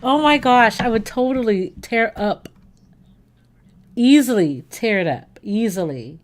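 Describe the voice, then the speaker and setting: A woman's voice: on the high side, animated, a little slow. A woman from the United States hosting a livestream, chatting casually with viewers, enthusiastic and gushing about food, rambling with fillers and self-corrections. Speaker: livestream host.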